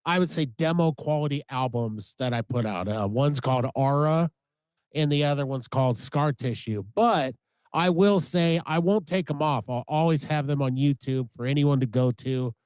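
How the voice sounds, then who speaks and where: A man's voice: mid-range voice, moderate pace, a little mellow, clear, resonant tone, dry recording. A man co-hosting a music podcast, talking earnestly in rambling casual chat with lots of restarts. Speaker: podcast co-host.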